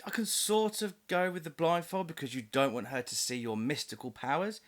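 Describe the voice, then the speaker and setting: A man's voice: on the high side, brisk, a little hiss or hum. A man doing a comedic voice-over review of a film, sarcastic and mocking, with frequent laughs.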